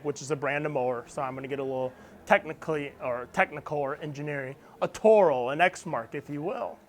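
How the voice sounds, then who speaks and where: A man with a fairly high voice tells his startup story to a live audience. He is animated, laughs often and acts out what others said. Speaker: startup founder speaker. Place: event venue with audience.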